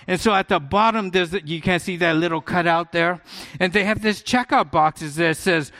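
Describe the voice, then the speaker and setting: An older male pastor with a notably high voice, storytelling in an animated, playful way. He slips into quick character voices and pokes fun at himself before turning to scripture. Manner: animated, acts out comic-strip voices, self-mocking humor. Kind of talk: sermon with storytelling.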